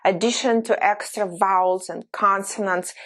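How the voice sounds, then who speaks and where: A woman with a Russian accent, a native Russian speaker teaching an online language lesson, patiently explaining and slowly modeling words. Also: medium pitch, fairly even intonation, fairly bright tone.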